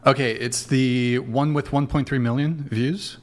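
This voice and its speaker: A man hosting a casual dating talk podcast, giving quick directions to his crew and explaining slang to the audience. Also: mid-range voice, steady tone. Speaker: host.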